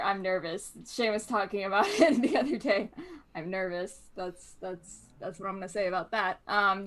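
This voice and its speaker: A woman's voice: mid-range voice, fairly bright tone. Chatty woman signing off a game stream. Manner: chatty, swearing, self-deprecating, fillers. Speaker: tabletop game player. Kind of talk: casual sign-off chat. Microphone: mic on a voice call.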